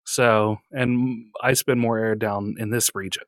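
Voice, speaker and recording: A man's voice: on the low side, steady tone, measured pace, no room sound, studio quality. A man hosting a podcast in casual chat, laughing often and trailing off into fillers. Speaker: podcast host.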